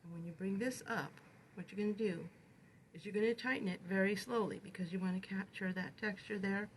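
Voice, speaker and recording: A woman's voice: medium pitch, fairly even intonation, fairly quick, slight background noise, rough recording. A woman teaching how to make tassels, talking through each step of a hands-on demonstration. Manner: step-by-step, repeats "you're gonna". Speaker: knitting instructor.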